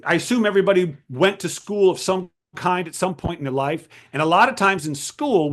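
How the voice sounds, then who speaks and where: A man's voice: high voice, fairly bright tone. A man giving a talk to a writers' group as a writing coach, emphatic and full of rhetorical questions.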